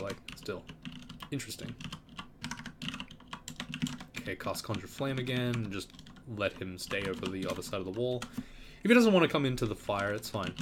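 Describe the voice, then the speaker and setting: A man's voice: lowish voice, noisy background. A man giving casual, rambling gameplay commentary, thinking aloud as he plays. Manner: laid-back, rambling, thinking aloud with fillers. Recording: keyboard typing and clicks in background.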